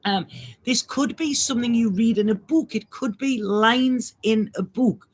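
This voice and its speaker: A woman giving an improvised spiritual reading, halting and rambling as she restarts her phrases. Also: fairly high pitch. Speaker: astrology and intuitive reader.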